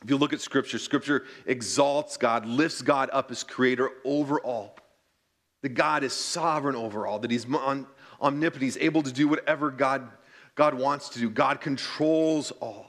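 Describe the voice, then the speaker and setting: A pastor reading scripture aloud in church and reflecting on it in an earnest sermon, slowing down to stress key points. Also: male voice, mid-range voice, a bit bright. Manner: earnest, reads scripture then reflects, slows for emphasis.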